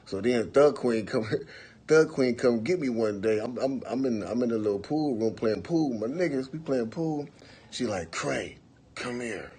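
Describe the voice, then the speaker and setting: A man in his forties telling a long, profane story on a livestream, acting out the quotes in bursts of loud, animated talk. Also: medium pitch, normal speed, slightly rough. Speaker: livestream host. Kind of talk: casual storytelling.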